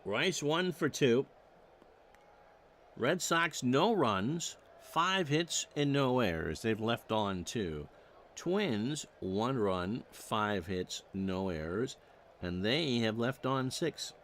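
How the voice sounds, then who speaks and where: A man's voice: mid-range voice, animated, takes it slowly, fairly bright tone, a little hiss or hum. A man calling baseball play-by-play, reading off stats with wry joking asides. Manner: stat-heavy calls with wry joking asides. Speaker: play-by-play announcer.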